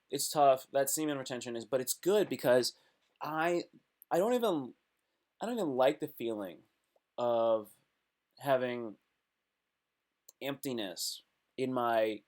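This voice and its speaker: A man chatting casually on a live stream, reading comments and reacting with sudden loud outbursts. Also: mid-range voice. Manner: animated, talks to himself and chat, sudden loud outbursts.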